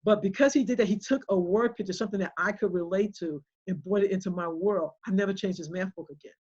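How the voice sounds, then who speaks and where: A middle-aged woman, a homeschooling mother and guest speaker, telling stories in a rambling, animated way with many restarts. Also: mid-range voice, quick pace, slightly rough, highs cut off. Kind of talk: conversational livestream talk.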